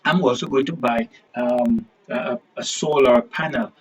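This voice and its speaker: A man's voice: mid-range voice, normal speed, rough recording. A man hosting his own channel, talking casually to viewers in a rambling monologue, full of restarts and emphatic repeated phrases. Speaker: online preacher and channel host.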